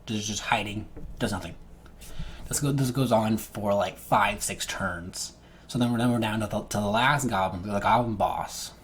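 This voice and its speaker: A man with a low voice speaks casually about running his games. He restarts often, doubling words as he searches for the next phrase. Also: normal speed, slight background noise. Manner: stammering restarts, repeated words. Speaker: game master. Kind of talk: casual talk to camera.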